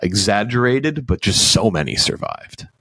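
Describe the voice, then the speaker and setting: Low-voiced male host, dry sound, loose rambling delivery full of fillers. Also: sing-song, moderate pace, fairly bright tone, dry recording. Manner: rambling, many fillers and restarts; swears casually. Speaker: podcast host. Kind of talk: casual chat.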